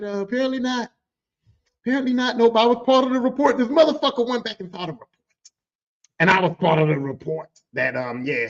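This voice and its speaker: A man's voice: extremely high pitch, a bit bright, lo-fi sound. A man telling rowdy work stories on a podcast, casual and profane, often breaking into quoted voices. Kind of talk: casual storytelling.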